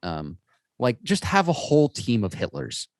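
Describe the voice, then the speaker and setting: A man's voice: mid-range voice, huge pitch swings, moderate pace, no echo. A man co-hosting a podcast, chatting casually about games in a rambling, stop-start way full of restarts and fillers. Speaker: podcast co-host. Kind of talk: casual gaming chat.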